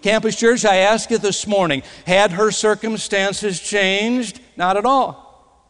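Slow, dramatic man preaching in an echoing church. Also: high-pitched, clear, resonant tone. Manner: dramatic, swinging between loud emphasis and hushed tones. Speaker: guest preacher. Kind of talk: sermon. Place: church sanctuary. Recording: long hall reverb.

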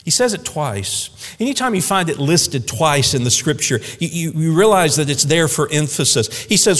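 A man's voice: on the high side, expressive, moderate pace, hardly any pauses, a bit bright. A man preaching a sermon as pastor, with an emphatic, repetitive preaching cadence. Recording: reverberant hall.

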